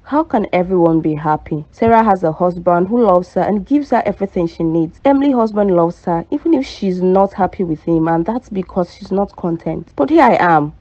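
Woman voicing a sulky, jealous young woman in a cartoon drama; mellow, dull lo-fi sound. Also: on the low side, animated, normal speed, few pauses, dry recording. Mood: sulking. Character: jealous young woman, Rachel, chasing a man. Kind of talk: cartoon dub acting.

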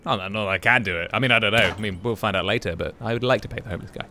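A man's voice: on the low side, racing, sharp tone, slight background noise. A man giving casual commentary as he plays a video game, chatty and full of exclamations. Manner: chatty, exclaims and muses aloud while playing. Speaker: gaming YouTuber.

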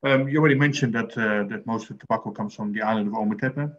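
A man's voice: lowish voice, fast talker. A man with a Dutch accent hosts a virtual tasting over a video call, talking hesitantly with many fillers. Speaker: host. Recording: dull lo-fi video call audio.

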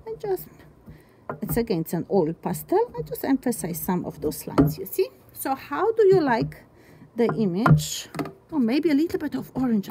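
A woman's voice: a little high, noisy background. A woman art teacher giving a chatty, encouraging step-by-step drawing demonstration, thinking aloud as she works.

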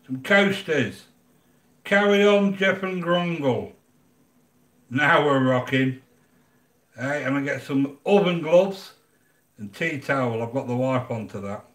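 An older Englishman hosting a live cooking channel chats casually and bluntly with viewers, grumbling and joking along the way. His mid-range, slightly bright voice is slow with frequent pauses, and the sound is roomy.

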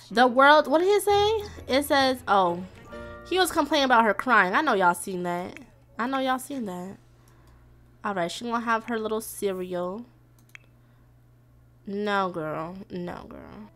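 Animated young woman chatting over a game. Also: a little high. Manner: chatty, exclaims and yells at the game characters. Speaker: gaming streamer. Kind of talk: casual let's-play commentary.

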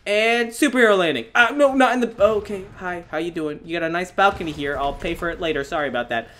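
A young man giving excitable, self-mocking gameplay commentary as a gaming YouTuber, often laughing at himself. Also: high voice, fast talker, a little hiss or hum.

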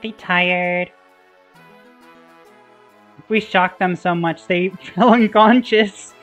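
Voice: mid-range voice, fairly even intonation, extremely slow, pauses often, a bit bright. Playful let's play commentator. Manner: playful, giggly, reads game dialogue aloud. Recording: slightly dull mic, game music under.

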